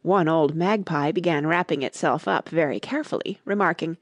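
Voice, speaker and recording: A woman reading a classic children's storybook aloud as narrator, with expressive, lively storytelling. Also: low voice, normal speed, dry recording. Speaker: audiobook narrator.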